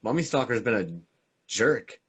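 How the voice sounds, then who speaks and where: A man's voice: mid-range voice, normal speed, slight background noise. Enthusiastic male host of a live chat. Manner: enthusiastic, talkative, meandering.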